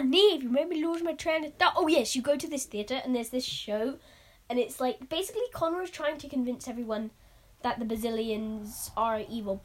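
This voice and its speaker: A woman co-hosting a podcast, talking through a game in casual chat with a rambling, restart-filled manner. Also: on the high side. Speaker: podcast co-host.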